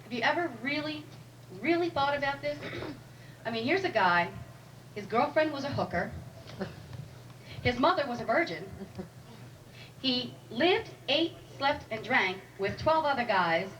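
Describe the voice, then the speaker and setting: A woman's voice: high-pitched, lively intonation, measured pace, long pauses, a bit bright. A woman doing a stand-up comedy set in a club, chatty and wry, teasing the audience. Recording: live room recording from a distant mic with audible noise.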